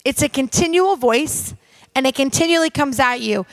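High-voiced woman preaching emphatically. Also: moderate pace, dry recording. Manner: emphatic, direct and conversational, addressing the audience. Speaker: minister. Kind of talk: sermon.

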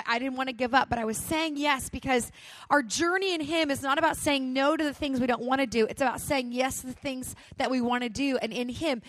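A woman's voice: sits high, fairly bright tone, no echo. A woman pastor from California preaching a sermon, telling a personal story and asking the audience questions.

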